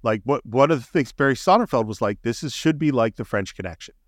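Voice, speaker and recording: A man's voice: medium pitch, animated, quick pace, no echo. An enthusiastic man walks through scenes of a movie on a casual podcast. His voice sits mid-range, and the recording is dry and close, with no room sound. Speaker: podcast co-host. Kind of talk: casual film discussion.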